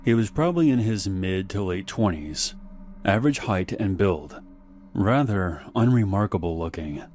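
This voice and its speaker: A man narrating an animated horror story in a measured, slow storytelling manner. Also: low-pitched. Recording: faint background music.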